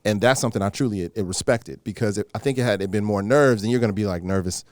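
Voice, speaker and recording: A man in his thirties talks fast in a fairly low voice. He is an actor in a casual interview, and he slips into lively little impressions as he tells his stories. The sound is close and dry, with no room echo. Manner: animated storyteller who acts out quoted exchanges.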